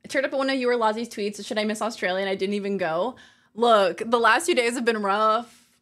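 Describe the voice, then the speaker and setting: A woman's voice: on the high side, fairly quick, a bit bright. A woman streamer chatting casually with her viewers, laughing often and reading their messages aloud.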